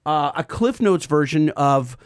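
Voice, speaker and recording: A man co-hosting a truck podcast, his voice a touch higher than most and swinging widely in pitch. He chats and jokes loosely and reads ad copy with energy. The sound is dry and close. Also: a little slow, clean tone, no room sound. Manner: lively, jokey, reads specs off a chart. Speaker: podcast co-host. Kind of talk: casual podcast chat and live ad reads.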